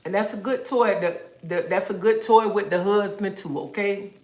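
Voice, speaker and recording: A woman's voice: mid-range voice, moderate pace, darkish tone. A woman hosting a casual livestream from home, chatting and playfully scolding her viewers in a sassy, talkative way. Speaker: livestream host. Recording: roomy echo.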